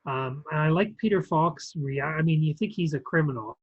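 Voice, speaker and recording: A man's voice: on the high side, normal speed, slightly rough, dry recording, lo-fi sound. A man co-hosting a film review podcast, talking casually with many ums and restarts. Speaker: podcast co-host reviewing films. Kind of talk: casual chat.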